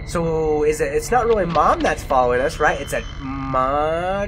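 A man's voice: fairly high pitch, measured pace, a bit bright, a little hiss or hum. A young man playing a horror game, jumpy and exclaiming, often mocking himself. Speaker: let's play gamer.

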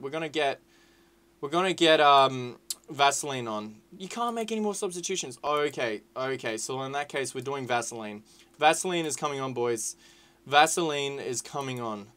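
A young man giving casual, excitable, sweary commentary over a football management game. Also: mid-range voice. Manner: excitable, sweary, shouts at the screen. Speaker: gaming YouTuber.

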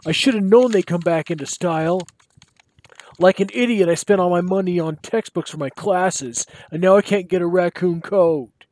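A man's voice: high voice, normal speed, darkish tone, dry recording, pitched above the performer's own voice, close to an everyday voice. A man voicing a fad-crazed young male college student who wails and pleads impatiently. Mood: distraught.

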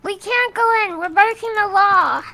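Young woman gamer, high bright voice, talks slow and easy, super giggly and teasing. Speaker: co-op horror gaming streamer. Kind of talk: casual gaming banter.

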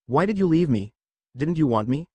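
A man's voice: fairly high pitch, animated, moderate pace, a little mellow, breathy edge, dry recording. A man voicing a frightened little boy, tearfully pleading with his father, in a fan fiction story reading. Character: small frightened abandoned boy.

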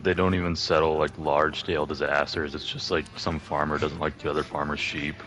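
A man's voice: extremely low pitch, little pitch movement, fairly quick, a bit bright, faint music behind. A man chatting during a card game stream, making dry, laid-back jokes. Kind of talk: casual gaming chat.

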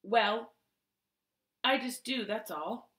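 A woman's voice: a little high, slow pace, a bit bright, echoey room. A woman voicing a prim, somewhat haughty young girl in a storybook reading.

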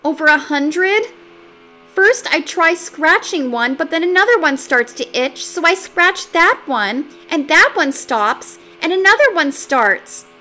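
A woman voicing a whiny schoolgirl covered in itchy bites, complaining in a high, pleading voice as she reads a storybook aloud. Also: sharp tone, exaggerated voice.

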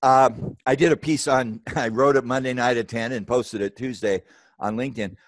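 A man's voice: fairly even intonation, normal speed, no room sound. Older guy presenting on a webinar call, earnest, punchy, voice jumps up on the big points, dry close sound. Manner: emphatic, earnest, with sudden rises in pitch when stressing points. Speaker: webinar guest speaker. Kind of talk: presentation and discussion.

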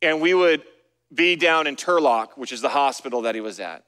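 A middle-aged man preaching a sermon as a pastor, telling his story earnestly and dropping to soft, hushed words at tender points. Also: mid-range voice, animated, moderate pace, smooth. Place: church sanctuary. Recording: long reverb of a church hall.

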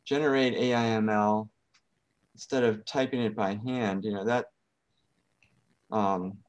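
A man's voice: lowish voice, steady tone, a little slow, clear, resonant tone. A man in the audience asking a casual, hesitant question with many fillers. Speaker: audience member.

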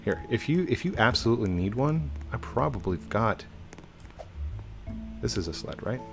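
A man's voice: medium pitch, big pitch swings, normal speed, gravelly, music in the background. A man giving casual let's-play commentary, chatting playfully to himself and his viewers as he plays. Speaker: YouTube gamer.

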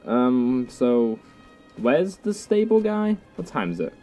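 A man's voice: mid-range voice, sing-song, slow, mellow, faint music behind. A young man giving casual, goofy, self-mocking let's play commentary. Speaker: gaming youtuber.

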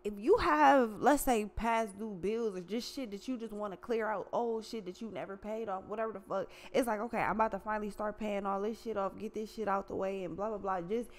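A woman's voice: mid-range voice, a little fast, hardly any pauses. A woman giving a casual tarot reading in a blunt, profane, slangy way. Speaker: tarot reader.

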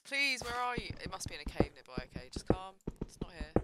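A young woman talks herself through a scary game at home, jumpy and quick to swear. Her voice sits low but swings widely in pitch. Loud noise runs under the whole recording. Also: sing-song. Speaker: gaming streamer. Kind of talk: casual gameplay commentary. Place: home room at a computer.

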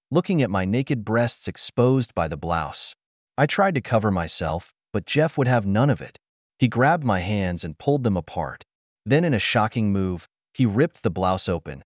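A man's voice: on the low side, no room sound, studio quality. A man narrating a scripted audiobook story in first person, telling it expressively.

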